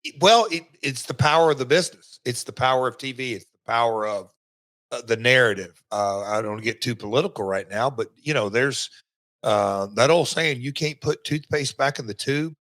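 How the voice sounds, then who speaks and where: A middle-aged man with a Southern accent, hosting a podcast and reminiscing in casual chat, often pausing with fillers and restarts. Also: mid-range voice, a bit bright. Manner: halting, lots of fillers and restarts. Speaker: podcast host, former wrestler.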